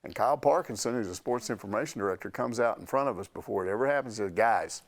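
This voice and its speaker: An older man hosting a sports chat, telling a story in a casual, animated way and acting out the quotes. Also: fairly low pitch, fast talker. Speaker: sports reporter answering questions.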